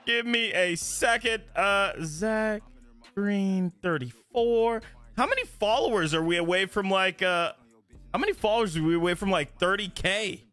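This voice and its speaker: A male game streamer chatting excitably with his viewers during a live roleplay stream, swearing freely. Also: high-pitched, unhurried, soft background music.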